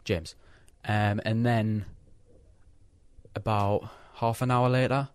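Teen boy, casual storyteller, curses freely, slightly low voice, dry close sound. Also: steady tone, slow pace, a little mellow, smooth, no echo. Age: teens. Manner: rambling storytelling, swearing. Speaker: co-host. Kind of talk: casual chat.

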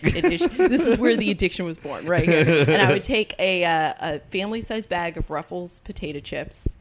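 A woman's voice: fairly low pitch, big pitch swings, moderate pace. A woman hosting a podcast, telling loose, jokey stories in casual chat. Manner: loose, jokey storytelling with frequent laughs. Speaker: podcast host.

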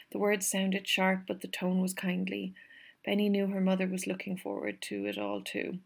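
A woman reading a novel aloud in a calm, measured narration. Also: medium pitch, gravelly. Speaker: reader. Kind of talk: audiobook narration.

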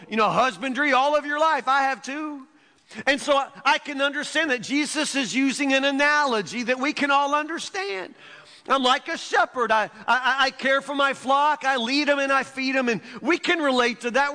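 A male pastor preaching a sermon in a folksy way, repeating words and dropping to a low hush for scripture. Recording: long reverb of a church hall.

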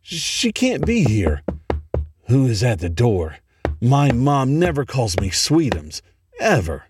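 A man reading a horror story aloud in a slow, dramatic, dread-filled way. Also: medium pitch, wildly swooping pitch, music in the background. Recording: noisy home recording.

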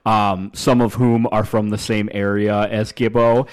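A man co-hosting a podcast, telling stories in fast, swearing casual chat. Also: on the low side, level tone, clean tone. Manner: fast, profane storytelling. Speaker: podcast co-host.

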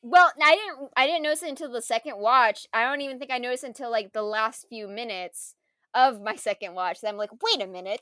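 A woman talks through a film in loose, animated conversation, her voice sitting a little high. She piles on fillers and quick asides. The recording is close and dry. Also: clear, resonant tone, no echo. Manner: animated, fast, laughing, lots of fillers. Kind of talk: casual chat reviewing a film.

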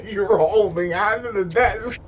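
A man's voice: sits high, measured pace, muffled recording, a little hiss or hum. Giggling man in casual chat. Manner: giggly, eggs the other on.

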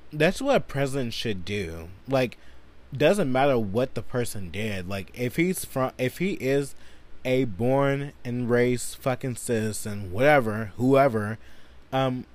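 A man's voice: mid-range voice, sing-song, unhurried. A man hosting a solo podcast, ranting angrily and profanely with lots of filler words. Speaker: podcast host.

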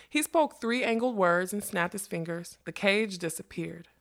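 A woman narrating a storybook in a measured, expressive reading voice. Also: on the low side.

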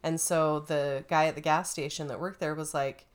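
A woman telling a story in a casual chat, animated and acting out the quotes. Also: low-pitched, normal speed, clean tone.

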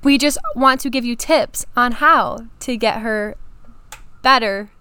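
A woman's voice: fairly high pitch, slow pace, sharp tone, smooth, no room sound. A young woman co-hosting a casual chat podcast, laughing and teasing, recorded out on a porch. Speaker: podcast co-host. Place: outdoors on a porch.

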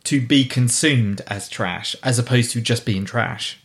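A man's voice: mid-range voice, measured pace. A man appearing as a podcast guest, talking emphatically and casually about a film. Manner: emphatic, laughs easily.

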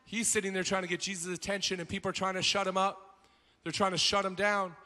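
A male pastor preaches with a high, very bright, sharp voice, swelling into rousing exhortation. His words ring out in a large conference hall with a long reverb trailing behind. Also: level tone, fast. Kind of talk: sermon.

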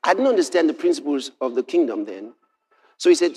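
A man preaching a sermon, moving from quiet storytelling to shouted exhortation. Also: on the high side, very animated, a little fast, slightly rough. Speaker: pastor.

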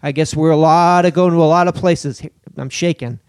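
An animated male podcast host talking in a casual, profane, joking way. His voice sits a little higher than most men's. He keeps riffing and tossing out bits. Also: fairly quick, clean tone, dry recording, studio quality. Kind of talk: casual comedic banter.

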